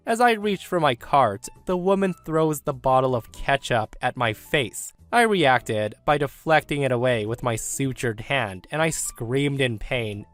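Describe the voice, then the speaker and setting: Brief: man, expressive story narrator, lively pitch, faint music bed. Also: measured pace, few pauses.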